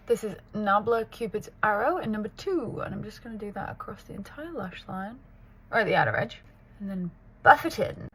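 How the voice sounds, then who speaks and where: A woman's voice: medium pitch, a little fast, slight background noise. Chatty northern English woman doing makeup. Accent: mixed British and American, with Scouse traces. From north of England. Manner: chatty, relaxed, often drops to a soft near-whisper. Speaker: makeup artist and content creator. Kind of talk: get-ready-with-me makeup tutorial.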